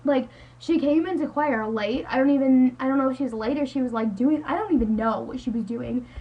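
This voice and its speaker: High-pitched and fairly quick, with a dark tone, this teen vlogger vents to her webcam at home. The high schooler rambles and sounds fed up, dropping "like" into nearly every phrase, all captured with lo-fi sound.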